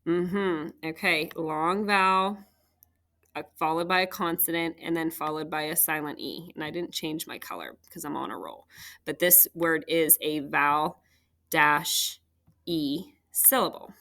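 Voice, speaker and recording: A woman's voice: low-pitched, measured pace, pushed and bright. A woman teacher patiently walking young students through a phonics worksheet, step by step. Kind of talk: phonics lesson walkthrough.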